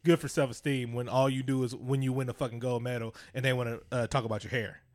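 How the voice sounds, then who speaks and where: A man's voice: medium pitch, flat delivery, quick pace, a little mellow. A man, co-hosting a casual podcast and ranting with heavy profanity. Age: 30s. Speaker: podcast co-host. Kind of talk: casual chat.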